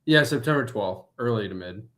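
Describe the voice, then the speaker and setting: A man's voice: mid-range voice, expressive, brisk, a bit bright. A man chatting as a podcast guest in an easygoing, laid-back way. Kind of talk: casual chat.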